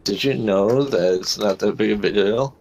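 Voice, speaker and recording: A man in casual gaming banter with a dry, monotone way of talking. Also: on the low side, normal speed, slight background noise. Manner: dry, says he speaks in a monotone.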